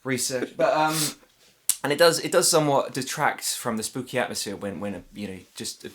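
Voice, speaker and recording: A man from Ireland with a southern English accent rambles and jokes as a comedian guest on a casual podcast, using lots of fillers and sometimes drifting off the mic. His mid-range voice is expressive, fast and fairly bright, with a little hiss or hum in the audio.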